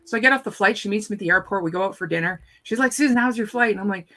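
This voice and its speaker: A woman telling a story in an animated, casual chat, often repeating her first words. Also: medium pitch, racing, few pauses. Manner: animated, repeats words when starting sentences. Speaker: guest speaker.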